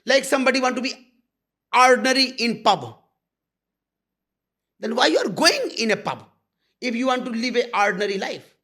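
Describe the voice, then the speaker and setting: A man's voice: extremely high pitch, expressive, moderate pace, long pauses, bright, forceful tone. A man giving a satsang talk as a spiritual teacher, blunt and intimate, calling listeners "my love".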